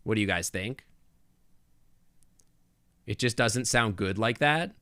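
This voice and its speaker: A man's voice: lowish voice, slow, bright, forceful tone, dry recording. A male game streamer chatting casually with his viewers on a close desk microphone, thinking aloud with lots of restarts and asides.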